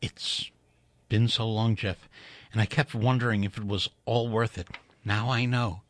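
A man voicing a young woman in love, speaking softly and then pleading in a higher voice. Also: fairly even intonation, measured pace, no echo, natural voice. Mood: tender. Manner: soft, breathy endearments turning to high pleading.

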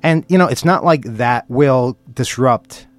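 A man's voice: mid-range voice, measured pace, no room sound. A man hosting a talk radio show, chatting wryly and tripping over his words. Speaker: radio host. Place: radio studio.

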